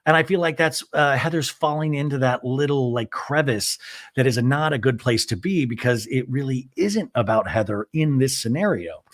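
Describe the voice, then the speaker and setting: Give me a man with an average-pitched voice chatting casually on a podcast, thinking aloud as he goes. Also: lively intonation, moderate pace. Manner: mimics cast members in high mocking voices. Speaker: podcast host. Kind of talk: casual recap podcast monologue.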